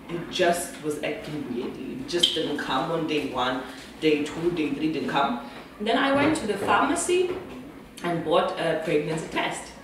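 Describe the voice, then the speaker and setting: Chatty South African woman, echoey room. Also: mid-range voice. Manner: chatty, laughing often, restarts and trails off. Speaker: vlogger. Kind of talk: casual storytelling to camera. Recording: echoey room with noise, far from mic.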